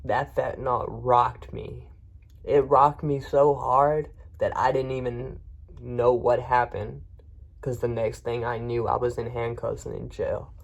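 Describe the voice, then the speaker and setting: Gravelly man telling his story. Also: mid-range voice, flat delivery, unhurried, dull audio. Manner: frank, rambling, with frequent restarts. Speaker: vlogger. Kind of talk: casual first-person storytelling.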